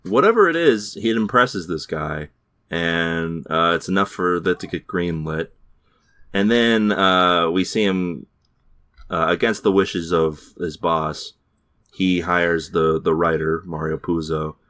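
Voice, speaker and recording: A man's voice: low-pitched, slow, a bit bright, dry recording, studio quality. A man on a podcast, casually recapping a TV show and mimicking its characters as he goes. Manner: rambling recap, slips into mocking voices for characters. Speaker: podcast host.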